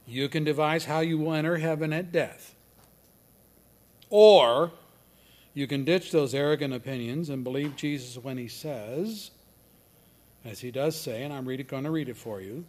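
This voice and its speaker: A man preaching a sermon, swinging from loud declarations down to near-whispers. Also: fairly high pitch. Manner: slow and deliberate. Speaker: pastor.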